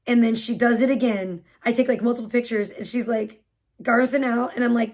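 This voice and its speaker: A woman's voice: a little high, flat delivery, quick pace, a little mellow. A woman live streamer telling a story in a rambling, frazzled way and swearing freely. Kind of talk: casual storytelling on a livestream.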